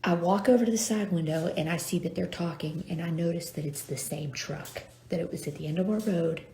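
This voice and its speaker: Gravelly woman vlogger. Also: lowish voice, a little fast. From North Carolina, US. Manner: self-deprecating, animated storyteller. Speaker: lifestyle vlogger. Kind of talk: casual storytelling to camera. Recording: echoey room.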